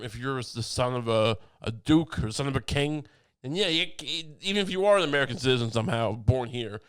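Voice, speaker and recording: A man's voice: medium pitch, smooth. A young man hosting a podcast, rambling through a mock-conspiratorial comedy monologue with lots of restarts. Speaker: podcast host.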